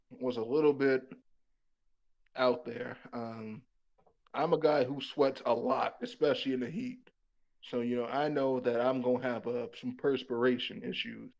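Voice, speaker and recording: A man's voice: medium pitch, vocal fry, a little mellow, muffled recording. Rambling young man telling a comic story. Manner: rambling, profane, laughs at his own story.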